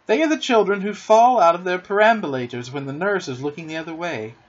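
A man voicing an eager, boastful young boy who never wants to grow up, with lively boyish talk, in a dull lo-fi recording. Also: high-pitched, a little fast, voice pushed up.

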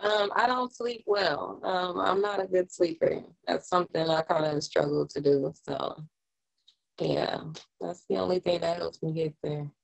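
Low, gravelly-voiced young woman rapper. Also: a little slow, poor audio. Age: young adult. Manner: laid-back, frequent "um" and "like". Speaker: rapper guest. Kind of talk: casual interview chat.

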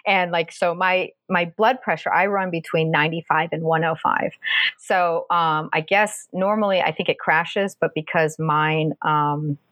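Animated woman with a lowish voice. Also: a little slow, dry recording. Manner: animated, acts out quoted voices with pitch jumps. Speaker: guest telling a personal medical story. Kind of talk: casual storytelling.

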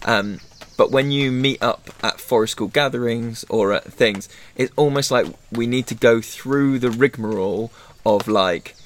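A man's voice: medium pitch, measured pace, few pauses. A man, a forest school leader and former teacher, chatting casually in a rambling way and acting out quotes. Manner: rambling, self-interrupting, acts out quotes. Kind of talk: casual chat.

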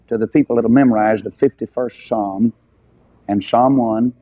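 Folksy older preacher, lo-fi. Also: male voice, mid-range voice, fairly even intonation, normal speed, dry recording. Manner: folksy, emphatic, rising to shouts on key phrases. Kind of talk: revival sermon. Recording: dull lo-fi sound.

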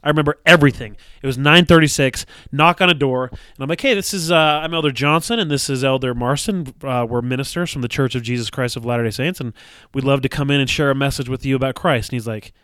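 Male podcast co-host, crisp voice, dry sound, lively and jokey. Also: medium pitch, fast talker, no room sound. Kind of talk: casual chat.

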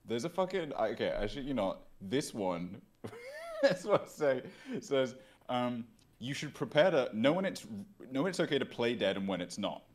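A man's voice: medium pitch, huge pitch swings, normal speed. A young man with a mid-range voice that swings up and down a lot. He makes wry, casual remarks among friends and reads text aloud in a dry tone.

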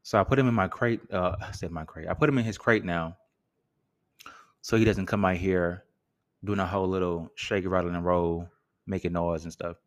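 Low-voiced man hosting a casual podcast. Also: fairly even intonation, normal speed. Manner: casual, joking, slangy. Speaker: podcast host. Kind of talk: solo podcast chat.

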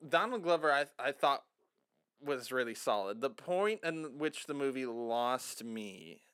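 A man co-hosting a casual movie podcast, animated and quick to act out scenes. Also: medium pitch, smooth. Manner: animated, acts out movie scenes in funny voices. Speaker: podcast co-host. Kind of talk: casual chat.

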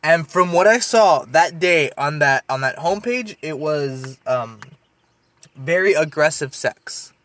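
A man's voice: fairly high pitch, animated, a little slow, a bit bright, no echo. A young man telling a long story in casual, rambling chat, full of fillers, swearing and laughs. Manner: rambling, filler-heavy, profane, laughs often. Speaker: podcast storyteller.

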